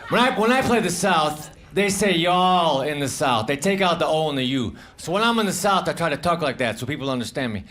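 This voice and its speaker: Deadpan stand-up man, high voice. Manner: deadpan one-liners, slow drawling delivery. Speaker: stand-up comedian. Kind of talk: stand-up comedy set. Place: comedy club stage before a live audience. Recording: roomy live club recording, crowd noise.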